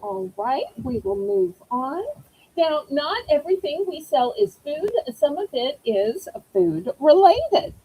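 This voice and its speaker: A woman's voice: high-pitched, very animated, takes it slowly, creaky, lo-fi sound. A woman with a Southern accent hosting a live-stream auction, chatting in a folksy way and greeting viewers by name.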